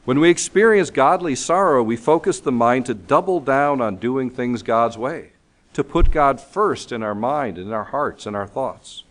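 A man's voice: mid-range voice, expressive, measured pace, a bit bright. A man preaching a sermon in an earnest, emphatic way, reading scripture aloud, his voice still recovering from being lost.

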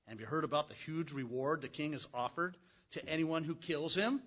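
A man's voice: on the high side, fairly quick, a bit bright, muffled recording. A man voicing an eager soldier passing on news while reading a Bible story aloud. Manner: eager, gossipy. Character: excited gossiping soldier, man.

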